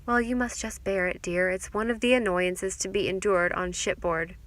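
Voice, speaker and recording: A woman's voice: mid-range voice, fairly even intonation, normal speed, fairly bright tone, close to an everyday voice. A woman voicing a gushing, snobbish society mother who talks in an affected, effusive way.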